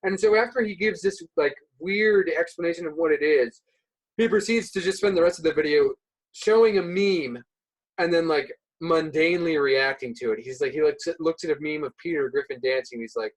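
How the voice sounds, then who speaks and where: A man's voice: a little high, fairly quick, rough recording. A man speaking as a guest on a casual podcast, hesitant, full of "like" and "uh", often restarting his sentences. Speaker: podcast guest, subreddit moderator.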